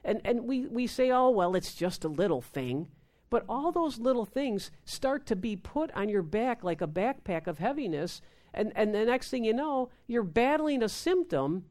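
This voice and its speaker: A woman's voice: on the high side, animated, normal speed, dark tone. A woman giving an informal sermon, often repeating words and acting out quoted prayers. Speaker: preacher.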